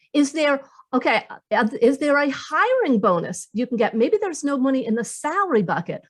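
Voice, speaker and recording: A woman career coach giving advice in a podcast interview, enthusiastic and acting out quoted dialogue with lively shifts. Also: fairly high pitch.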